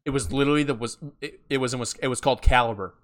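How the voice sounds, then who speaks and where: A man's voice: medium pitch, rapid-fire, a bit bright. A young man co-hosting a casual podcast, joking around with loose, crude banter into a cheap home USB mic. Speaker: podcast co-host. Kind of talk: casual chat.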